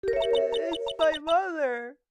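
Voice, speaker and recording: A woman voicing an earnest young female spirit medium, speaking softly and hesitantly in game dialogue. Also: high-pitched, drawn-out words, vocal fry, voice pushed up, heavily acted. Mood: shaken. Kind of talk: game dialogue read aloud. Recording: loud game music behind.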